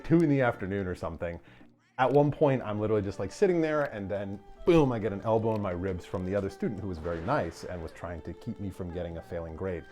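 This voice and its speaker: Man, low voice, casual livestream chat, rambling self-deprecating anecdotes, faint music behind. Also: a little mellow. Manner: rambling, self-deprecating storytelling with frequent fillers. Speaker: streamer playing a speedrun.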